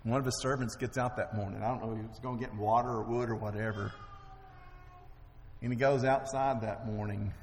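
A man preaching a sermon, retelling a scripture story with animated delivery, acting out the characters' lines and moving between hushed and loud. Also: mid-range voice, a little fast, a little hiss or hum. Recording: long hall reverb.

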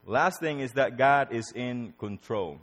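A man preaching a sermon in an animated way, acting out prayers and quotes, often repeating words and restarting phrases. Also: a little slow, long reverb tail. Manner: animated, acts out prayers and quotes with rising pitch.

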